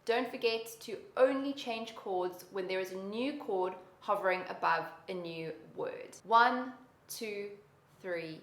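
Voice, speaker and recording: A woman's voice: mid-range voice, a little slow, few pauses. A woman teaching a beginner guitar lesson with patient, encouraging instruction. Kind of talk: guitar lesson with counting and singing. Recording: roomy echo, loud guitar behind.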